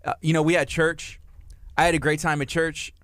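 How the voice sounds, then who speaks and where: A man's voice: fairly high pitch, fairly quick, no echo, clean studio sound. A man in his thirties co-hosting a morning radio show, chatting casually and teasing his partner. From Texas. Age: 30s. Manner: teasing, chatty, rising to excited emphasis. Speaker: radio co-host. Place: radio studio.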